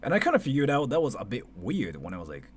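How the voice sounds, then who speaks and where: A man in his thirties from Japan with a Japanese accent, chatting casually on a livestream, animated, laughing often and swearing between filler words. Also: medium pitch, fast talker, slight background noise. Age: 30s.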